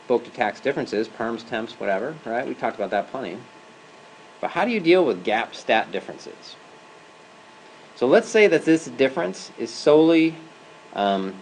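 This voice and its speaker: A man's voice: medium pitch, slight background noise, poor audio. A man giving a university lecture in a classroom as an adjunct professor. He talks conversationally and keeps checking in with "right?" and "okay?".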